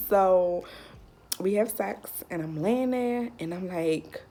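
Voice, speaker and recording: A woman's voice: lowish voice, slow, warm tone, a little hiss or hum. A young woman vlogger telling a personal story in a casual, candid way, full of "like". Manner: chatty, lots of "like", candid.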